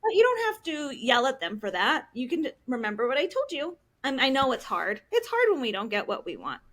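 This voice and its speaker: A woman's voice: high-pitched, wildly swooping pitch, brisk, fairly bright tone. A woman in her thirties, a counselor, explaining things earnestly as a podcast guest, with frequent ums. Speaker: licensed professional counselor.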